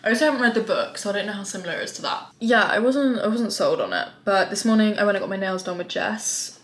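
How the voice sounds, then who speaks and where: A woman's voice: mid-range voice, expressive, fast talker, a little hiss or hum. A young woman, talking casually and frankly to camera in a rambling vlog. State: out of breath. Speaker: vlogger. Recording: echoey room.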